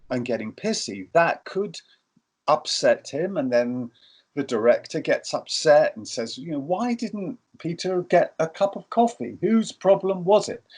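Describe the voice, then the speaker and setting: A middle-aged man telling stories and giving advice on working in film, acting out the lines people say. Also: medium pitch. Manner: storytelling, acts out quoted lines. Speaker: film industry guest. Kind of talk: advice talk.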